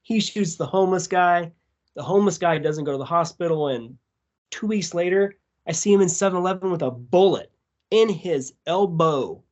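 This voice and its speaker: Man telling a rough story, swearing. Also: sits high, moderate pace, dull audio. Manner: profane, animated storytelling. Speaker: podcast guest; tattoo artist. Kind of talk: casual storytelling.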